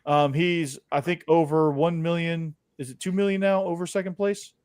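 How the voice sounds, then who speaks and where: A man with a slightly high voice chatting casually on a sports podcast. He is easygoing and rambles through fillers and restarts. His sound is close and dry, with no room around it. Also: fairly even intonation, moderate pace, darkish tone, smooth, dry recording. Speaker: podcast host.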